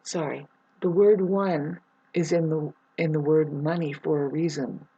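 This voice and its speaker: Woman, spiritual vlogger, rambling and cussing, loud one moment and mumbling the next. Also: fairly even intonation, unhurried, breathy edge, dull audio. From United States. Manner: agitated and profane, swinging between loud outbursts and low muttering.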